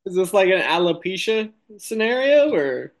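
A man's voice: sits high, big pitch swings, moderate pace. A man reacting to a comic story with short, dry quips and questions. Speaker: co-host and listener. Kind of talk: casual comic banter.

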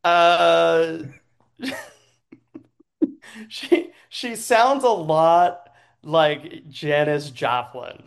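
A man's voice: fairly high pitch, drawn-out words, creaky, pauses often. A man casually telling an improvised story, chatty and laughing often, checking in with his listener.

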